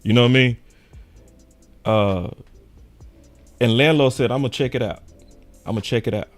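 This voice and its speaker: A young man hosts a sports show in loose, slangy chat. He gets animated when he tells stories, and his voice sits at an everyday middle pitch. Faint music plays underneath. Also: moderate pace. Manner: animated, slangy, laughs often, quotes fans in raised voice. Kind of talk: casual livestream chat.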